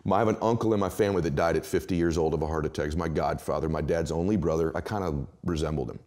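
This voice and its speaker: A middle-aged man with a bass voice speaks very fast as an interview guest. He tells motivational stories with emphatic, animated delivery.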